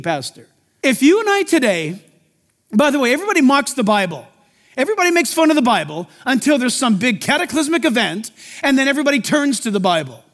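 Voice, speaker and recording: High-voiced man preaching in a reverberant hall. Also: fairly bright tone. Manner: emphatic, preaching to a congregation. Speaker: pastor. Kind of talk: sermon. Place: church.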